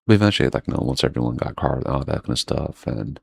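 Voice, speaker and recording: A man's voice: a bass voice, lively intonation, fast talker, gravelly, darkish tone. A man chatting casually while he plays a game, meandering between stories and swearing freely. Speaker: gaming streamer. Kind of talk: casual rambling chat while playing.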